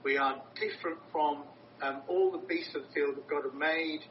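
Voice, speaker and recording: A man's voice: fairly even intonation, moderate pace. Earnest male preacher in a roomy hall. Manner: earnest, emphatic, repeats words for stress. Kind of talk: sermon. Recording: roomy, distant, dull with low rumble.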